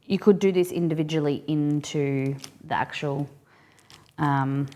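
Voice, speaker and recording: Chatty lower-voiced woman cooking live. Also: fairly even intonation, measured pace, warm tone, slight background noise. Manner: chatty, thinks aloud, rambling asides. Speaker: cooking stream host. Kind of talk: casual live cooking demonstration.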